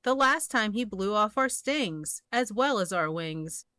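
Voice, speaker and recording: A woman's voice: medium pitch, expressive, measured pace, bright, forceful tone, dry recording. A woman voicing a swarm of small indignant bees in a storybook, complaining fussily. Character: indignant little buzzing bees.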